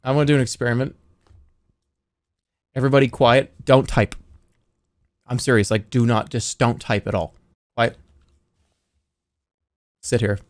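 A man's voice: medium pitch, flat delivery, a little slow, long pauses. A man streaming a game live, talking casually with frantic, laughing outbursts. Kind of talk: live-streaming gameplay chat.

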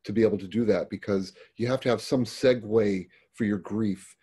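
A man's voice: fairly low pitch, normal speed, dark tone, slightly rough. A middle-aged man working as a paramedic, telling stories from his work in a plain-spoken, conversational way with frequent restarts. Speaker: paramedic guest. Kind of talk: conversational storytelling.

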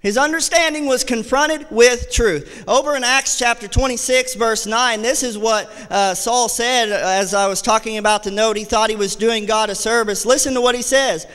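A man's voice: extremely high pitch, normal speed, hardly any pauses, a bit bright, clean tone, big-room sound. A man preaching a fervent sermon as associate pastor, repeating key phrases and reading scripture aloud. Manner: reads scripture aloud in old-fashioned wording. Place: church sanctuary.

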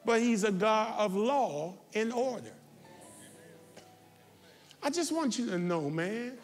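A man preaching a sermon as pastor, talking straight to his congregation and building to shouted, confrontational calls. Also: sits high, expressive, slow, soft background music. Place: large church sanctuary. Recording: reverberant church sanctuary.

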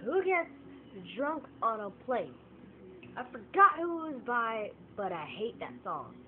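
A woman rants to her phone camera in a lively, up-and-down voice, piling on emphatic repeats. The sound is thin and phone-like, with faint noise underneath. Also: on the high side, measured pace. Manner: animated, exasperated, emphatic repetition. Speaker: vlogger. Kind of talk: casual opinion rant to camera.

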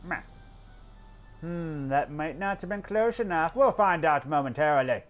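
A man's voice: a little high, lively intonation, measured pace, soft background music. Man swearing through a war game. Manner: exasperated, swearing, talking to game characters. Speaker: gameplay commentator. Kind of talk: let's play commentary.

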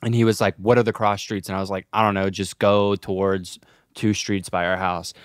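A man's voice: fairly low pitch, little pitch movement, fairly quick, clean tone, dry recording, clean studio sound. Young man rambling through a profane story. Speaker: podcast co-host. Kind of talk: casual storytelling chat.

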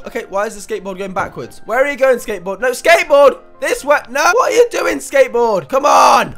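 A young man commentating a video game, panicking and shouting one moment, muttering to himself the next. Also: very high voice. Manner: shouty, panicky, swings between yelling and muttering. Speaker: gaming YouTuber. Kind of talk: excitable let's play commentary.

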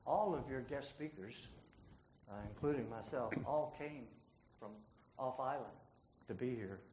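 A man moderating a leadership forum, telling a joke in a folksy way and introducing the next speaker, clearing his throat often. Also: mid-range voice, expressive, measured pace. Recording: echoey room with faint noise.

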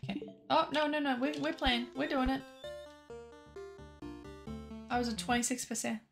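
A woman's voice: high-pitched, steady tone, moderate pace, gravelly, music in the background. A woman streamer chatting casually to her viewers while gaming, swearing freely.

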